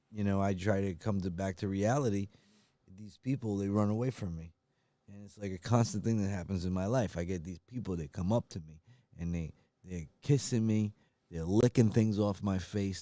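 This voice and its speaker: A man co-hosting a podcast, telling absurd stories in a deadpan way and directing comic bits. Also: low-pitched, dry recording. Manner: deadpan storytelling breaking into mock wailing. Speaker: podcast co-host.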